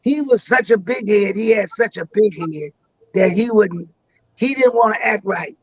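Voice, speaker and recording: Older man, high voice, dry muffled stream audio, rambling storyteller who restarts his words. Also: normal speed, husky, no echo. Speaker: interview guest. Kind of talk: storytelling in a live interview.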